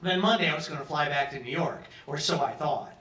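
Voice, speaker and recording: A man in his sixties, from Peoria, tells a profane, animated story on a pub stage. His voice is bright and a little high for a man. It reaches the mic from some distance in a roomy space. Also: a little fast. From Peoria, Illinois, US. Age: 60s. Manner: animated, acts out other people's lines, profane. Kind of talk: live storytelling monologue.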